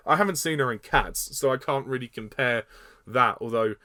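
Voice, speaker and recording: A man's voice: medium pitch, normal speed, pushed and bright, no room sound, studio quality. A man giving a casual spoken film review, blunt and hesitant, with many fillers and repeated words. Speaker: movie reviewer.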